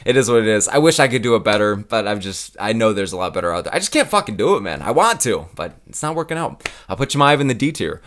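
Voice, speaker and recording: A man's voice: lowish voice, big pitch swings, fast talker, fairly bright tone, slight background noise. A young man hosting his own channel, talking casually, swearing freely and laughing often. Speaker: YouTube host. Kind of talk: casual profane chat.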